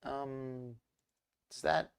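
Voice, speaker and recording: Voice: medium pitch, steady tone, drawn-out words, gravelly, smooth. A host of a live commentary show who talks in a rambling, chatty way and greets viewers in the chat. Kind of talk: casual live-stream commentary.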